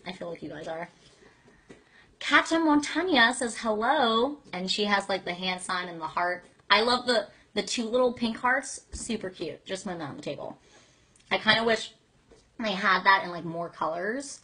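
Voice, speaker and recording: A woman's voice: mid-range voice, a bit bright, husky. A young woman hosting a casual live stream chat, reading fan comments aloud in a bubbly, giggly, gushing way with lots of "like" fillers.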